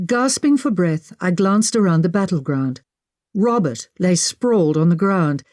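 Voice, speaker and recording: A woman narrating a historical mystery audiobook in the first person, measured and dramatic, on a close studio mic. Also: on the low side, expressive, a little mellow, no echo.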